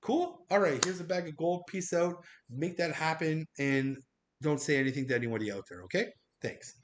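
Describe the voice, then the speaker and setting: A man's voice: fairly high pitch, moderate pace, slight background noise, voice pushed up, close to an everyday voice. A man voicing a laid-back male vampire lord who hands out orders in casual slang, as an improvised comic bit. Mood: nonchalant. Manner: casual, slangy, offhand commands.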